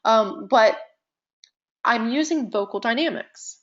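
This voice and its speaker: A woman teaching presentation skills in a live online session, talking conversationally with deliberate pauses and shifting loudness. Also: a little high, muffled recording. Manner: animated, conversational, uses deliberate pauses and vocal dynamics.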